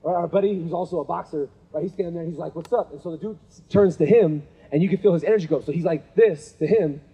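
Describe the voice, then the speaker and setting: A fairly high, husky man's voice, mellow in tone, telling stories to an audience at a gathering. He talks casually, often checks in with "right?" and plays out each person in his stories. The sound carries a long hall reverb. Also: fast talker. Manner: conversational, checks in with 'right?' often; acts out the people in his stories. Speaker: speaker at a men's gathering. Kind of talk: storytelling motivational talk. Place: event venue with a live audience.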